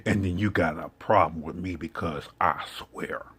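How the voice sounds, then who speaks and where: A man's voice: sits low, moderate pace, a bit bright, slightly rough. A man giving an impassioned, confrontational monologue, swearing heavily and lecturing his listeners. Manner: preachy, confrontational, heavy swearing.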